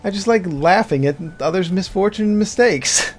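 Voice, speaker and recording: A man co-hosting a let's play video, chatting in a teasing, chuckling way. His voice sits slightly high, and faint game music plays underneath. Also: expressive, moderate pace. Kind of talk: casual gameplay commentary.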